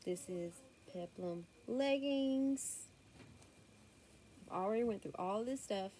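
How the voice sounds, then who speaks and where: A woman's voice: medium pitch, animated, takes it slowly, dark tone, a little hiss or hum. A young woman with a thick Southern US accent, chatting casually through a clothing haul at home with her daughter nearby. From Southern United States. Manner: chatty, drawling, says y'all a lot. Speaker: vlogger. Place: home room. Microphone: tablet built-in mic.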